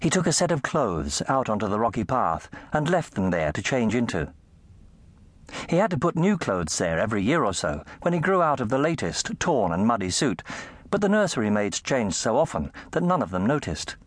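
Male storyteller, lively pitch, dry close studio sound, for a children's book. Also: moderate pace, slightly rough, dry recording. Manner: animated storytelling, shifting pitch for effect. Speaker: audiobook narrator. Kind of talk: scripted narration.

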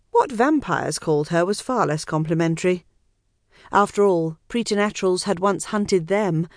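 A woman narrating an audiobook in a wry, measured storytelling manner. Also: medium pitch, dry recording, clean studio sound. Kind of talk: scripted narration.

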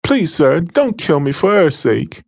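A man's voice: fairly high pitch, big pitch swings, measured pace, gravelly, no echo, clean studio sound, pitched above the performer's own voice, heavily acted. A man playing a whimpering young girl. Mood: pleading. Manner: pleading, whimpering. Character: frightened young London streetwalker girl.

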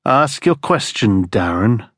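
A man voicing a muffled masked captor who speaks slowly and taunts with controlled anger. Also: on the low side, lively intonation, a bit bright, no room sound, studio quality, heavily acted. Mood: taunting. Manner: slow, measured and taunting.

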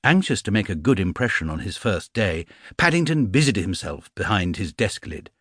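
A man reading a children's storybook aloud as an expressive audiobook narrator. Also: low-pitched, normal speed, husky, no room sound, clean studio sound.

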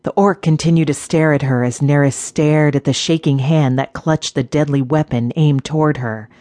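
A woman narrating a fantasy audiobook in a steady, measured storytelling manner. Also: sits low, no room sound.

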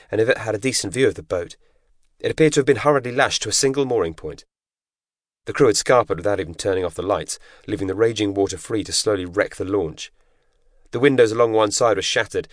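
A man narrating an audiobook in a measured, dramatic storytelling manner. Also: fairly low pitch, dry recording. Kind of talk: scripted narration. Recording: dry close studio recording.

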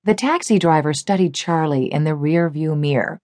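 A woman reading an audiobook as narrator in an even, measured storytelling manner. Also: low-pitched, no echo, studio quality. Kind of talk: scripted narration.

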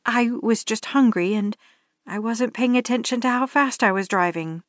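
A woman's voice: on the high side, normal speed, no room sound, clean studio sound, natural voice. A woman voicing a nervous young female driver who stammers and rambles apologetically. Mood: defensive.

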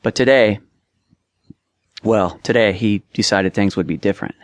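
A man narrating an audiobook, reading plainly and raising his voice for shouted lines. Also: on the low side, normal speed, no room sound. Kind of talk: scripted narration.

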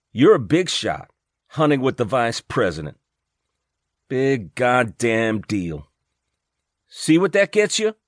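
A fierce middle-aged wife with a sharp tongue, scolding at a raised pitch, as a male narrator puts her on. She is indignant and loud, and the voice sits well above the reader's own low register. It comes across very dry and close to the mic. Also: dry recording.

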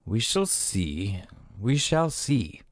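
A man's voice: on the low side, sing-song, very slow, dry recording, full character voice. Man voicing a mocking prison guard, sneering, dry close sound. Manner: sneering, taunting. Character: mocking jailer guard, scornful adult man.

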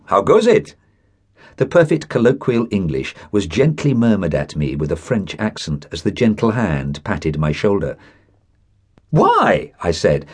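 A man's voice: fairly low pitch, husky. A man narrating a classic short story as an audiobook reader, telling it expressively and voicing the characters' dialogue.

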